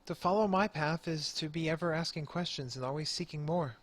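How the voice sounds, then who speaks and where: A guy doing a cryptic god, slow and solemn, handing out riddly answers in a tabletop game. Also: a little high, close to an everyday voice.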